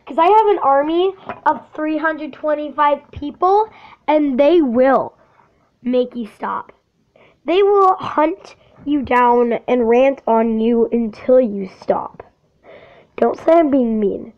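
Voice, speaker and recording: A woman's voice: high-pitched, takes it slowly. A woman filming a heated, defiant rant to camera for her channel, speaking with hard emphasis. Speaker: channel owner. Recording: dull lo-fi audio.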